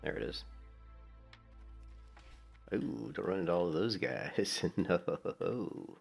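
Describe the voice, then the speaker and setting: A gaming streamer with a low, creaky voice and a breathy edge talks slowly but animatedly over soft background music. He rambles through casual gameplay commentary, laughing often and swearing now and then.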